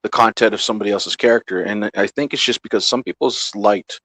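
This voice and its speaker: A man's voice: on the low side, fast, fairly bright tone, dry recording, low-quality recording. A man ranting bluntly and profanely in a heated casual panel talk.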